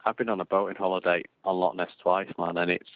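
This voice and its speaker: A man's voice: low-pitched, little pitch movement, fast, dry recording. A man co-hosting a casual live-stream chat, rambling and restarting his sentences. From England. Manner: rambling, repeats words, frequent restarts. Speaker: podcast co-host. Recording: tinny phone-like dry sound.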